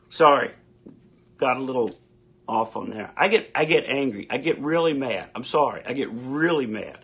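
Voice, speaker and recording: A man's voice: mid-range voice, animated, moderate pace, creaky, fairly bright tone, breathy edge. A man in his fifties ranting angrily into a phone live stream, swearing and stammering through restarts. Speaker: livestream ranter. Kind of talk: comedic live-stream rant.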